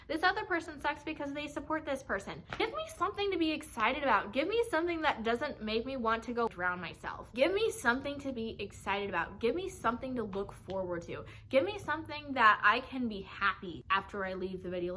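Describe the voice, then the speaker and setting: A woman's voice: sits high, sharp tone, a little hiss or hum. A young woman giving a heartfelt, emotional tribute to camera, swearing casually as she gushes. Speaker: fan sending a tribute message.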